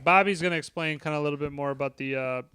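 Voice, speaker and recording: Animated man on a podcast mic. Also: on the high side, racing, smooth, no room sound, clean studio sound. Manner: loose, animated, swears casually. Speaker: podcast co-host. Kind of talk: casual movie review chat.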